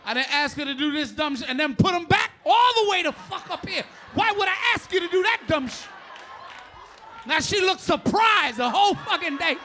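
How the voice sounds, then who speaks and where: A middle-aged man with a New York accent doing a profane stand-up set on a live stage, often shouting his punchlines and laughing through the bits. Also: extremely high pitch, lively intonation, moderate pace, a faint crowd, a little hiss or hum. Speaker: stand-up comedian. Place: live comedy stage before an audience.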